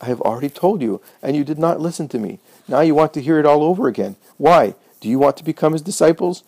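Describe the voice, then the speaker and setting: Man reading as a healed blind man, earnest, defiant, slightly raised pitch, mellow, storybook. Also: lively intonation, quick pace, vocal fry, no echo.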